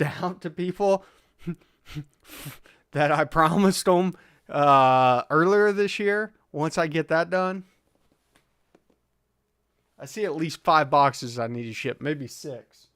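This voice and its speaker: A man's voice: on the high side, slow pace, long pauses, fairly bright tone, clean tone, no echo, clean studio sound. A man hosting a live car tuning stream, chatting casually, answering viewers' questions and chuckling often. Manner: laid-back, chuckling often, reads chat aloud.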